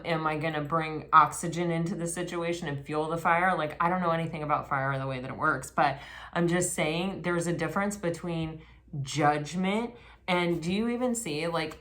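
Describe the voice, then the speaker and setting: A woman with a low-pitched voice talks through a tarot reading. She rambles casually and often restarts her sentences. Now and then she breaks into excited exclamations. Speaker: tarot reader.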